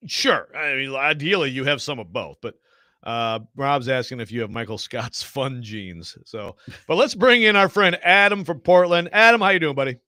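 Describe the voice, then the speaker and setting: Man, sports radio host, bright tone, dry studio sound, chatty and interrupting. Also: mid-range voice, lively intonation, normal speed, dry recording. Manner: chatty, interrupts, runs the show. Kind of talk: casual sports talk radio.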